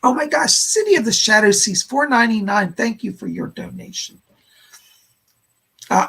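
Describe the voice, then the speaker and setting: A man's voice: high voice, animated, normal speed, vocal fry, a bit bright, slightly rough. A man hosting a live stream, giving psychic readings and passing on spirit messages with many "he said" and "hold on" asides. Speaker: psychic medium host.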